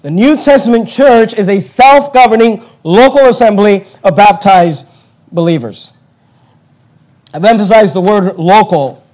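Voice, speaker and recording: High-pitched guy preaching hard, fast little asides to the church. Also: a little mellow. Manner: fervent preaching, quick asides to the congregation. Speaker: pastor. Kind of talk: sermon.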